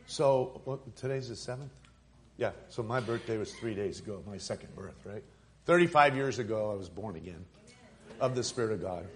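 A man's voice: medium pitch, animated, normal speed. A middle-aged man preaching a sermon as a pastor, building to emphatic, repeated declarations. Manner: preaching with rising emphatic repetition.

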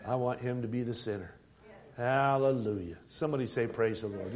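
A man preaching a fervent sermon at a church service, building from quiet stretches up to near-shouting passion. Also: mid-range voice, a little fast.

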